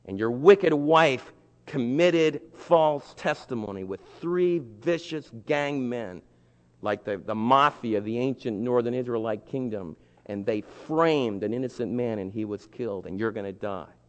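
A grave, stern prophet as a preacher plays him accuses in a low, hushed, heavy voice. Each charge hangs in the long echo of a big hall. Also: male voice, a little slow, lightly acted. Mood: accusing.

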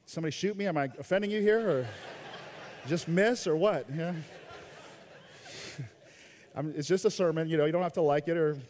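A man's voice: on the high side, normal speed, pauses often. A man preaching a sermon as a pastor, telling family stories with acted-out quotes and frequent laughter. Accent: Midwestern American. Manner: animated storytelling, acting out quoted lines, laughs often. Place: church auditorium. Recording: long hall reverb.

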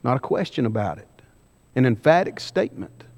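A man preaching a sermon, pressing the congregation with repeated questions and slowing down for emphasis. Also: mid-range voice, sing-song, a little mellow. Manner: emphatic, questioning the congregation, varying pace widely. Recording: long hall reverb.

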